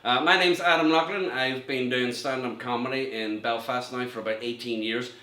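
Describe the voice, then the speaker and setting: Self-mocking Northern Irish comedian, bright voice. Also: male voice, mid-range voice, steady tone, moderate pace. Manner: rambling, self-mocking, laughs at his own jokes. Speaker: stand-up comedian. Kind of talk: stand-up set recorded at home. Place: room at home with a mirror. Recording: echoey room, faint noise.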